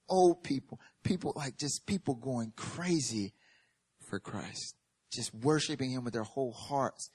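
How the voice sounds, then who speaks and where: Guy preaching, animated storytelling, jokes and repeats stuff for emphasis, sometimes goes quiet and earnest. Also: medium pitch, breathy edge. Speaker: pastor. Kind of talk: sermon with personal testimony.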